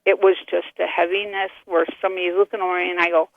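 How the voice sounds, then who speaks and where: An older woman calling in by phone, telling a ghost story in a chatty, animated way, full of "I go" and "he goes". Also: on the low side, fast talker, vocal fry, no room sound. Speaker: caller. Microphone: telephone. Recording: tinny dry phone line.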